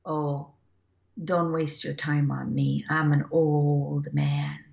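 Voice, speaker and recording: A woman voicing a weary, humble old male cow, speaking low, slow and solemn. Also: little pitch movement, creaky, a little mellow, muffled recording, full character voice.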